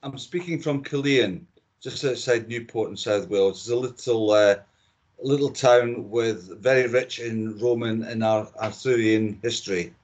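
A middle-aged Scottish man chats casually as a podcast guest, opinionated and inclined to repeat himself. His mid-range voice has a darkish tone, and his pace is a little slow.

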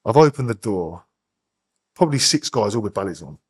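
A man's voice: on the low side, big pitch swings, fairly quick, darkish tone, husky. A man, a podcast guest telling a hard personal story in blunt, profane street slang. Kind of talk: candid storytelling interview.

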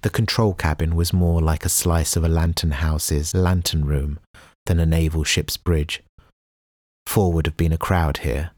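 A man reading a novel aloud as an audiobook narrator, in a measured, even storytelling delivery. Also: a bass voice, no room sound, clean studio sound. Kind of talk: scripted narration.

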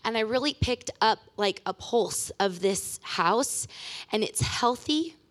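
Woman in her thirties, guest preacher, chatty storyteller, animated and funny, church sermon. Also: fairly high pitch, takes it slowly. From Pacific Northwest of the US. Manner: chatty, animated storyteller with self-deprecating humor. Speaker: guest speaker. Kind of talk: sermon with personal stories. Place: church sanctuary.

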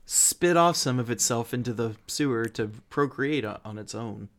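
A man's voice: mid-range voice, lively intonation, normal speed. A man running a tabletop game, narrating loosely with lots of fillers. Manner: loose, laughing, full of fillers. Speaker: game master.

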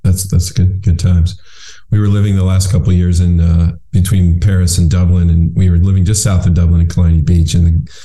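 A man's voice: deep voice, flat delivery, a little fast, dark tone. A man hosting a podcast interview who rambles and repeats words as he starts his sentences. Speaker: podcast host. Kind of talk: conversational interview. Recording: roomy echo.

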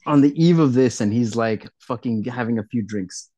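A man co-hosting a podcast in casual chat, rambling and swearing, with sudden excited loud bursts. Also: medium pitch, moderate pace, no echo. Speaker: podcast co-host.

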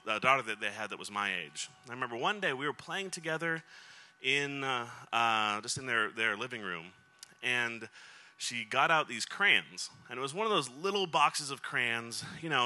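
A man's voice: mid-range voice, sharp tone. A middle-aged man telling a personal story in a sermon, chatty and rambling, with lots of fillers and dry self-deprecating humor. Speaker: speaker.

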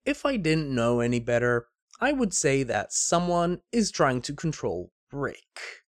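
Slow, measured man narrating a book analysis. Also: mid-range voice, dry recording, clean studio sound. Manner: measured, deliberate delivery with wry asides. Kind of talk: scripted narration with read-aloud quotes.

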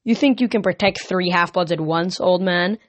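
A man's voice: high voice, normal speed, natural voice. A man reading aloud and voicing a taunting young male storm spirit villain with a mocking, sneering manner.

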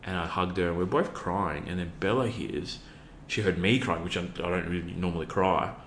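A man's voice: sits low, normal speed, fairly bright tone, roomy sound, a little hiss or hum. A man, a youth worker, telling a personal story earnestly with many fillers and restarts. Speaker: podcast guest, youth worker.

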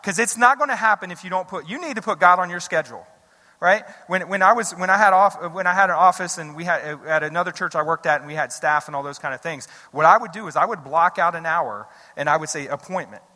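A man's voice: sits high, fast talker, long reverb tail. A middle-aged man preaching a sermon as a pastor, telling stories in a loose, conversational way with lots of restarts. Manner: conversational, animated storytelling with repeated restarts.

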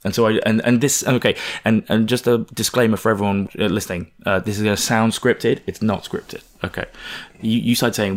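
A man in casual conversation, telling a personal story in an animated, self-deprecating way. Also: on the low side, a little fast.

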